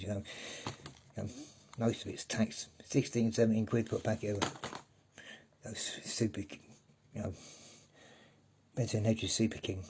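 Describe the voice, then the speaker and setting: A man's voice: lowish voice, noisy background. A middle-aged man from England, talking to camera in a loose, rambling, profane monologue. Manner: profane, ranting, loose and wandering. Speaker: vlogger.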